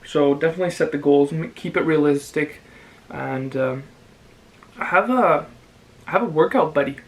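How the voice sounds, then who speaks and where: A man's voice: on the high side, poor audio. Young man chatting casually between bites. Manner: relaxed, chatty, with pauses to chew. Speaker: vlogger. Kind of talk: casual chat while eating.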